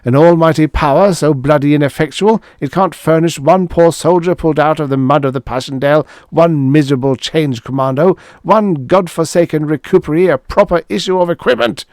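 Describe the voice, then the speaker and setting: Here is a man playing a wild-eyed, war-haunted soldier in an audiobook, his voice hoarse and loud as his ranting keeps climbing. The delivery is dry and close, with a low, bitter edge. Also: expressive, normal speed, no room sound. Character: raving shell-shocked WWI soldier, bitter and wild.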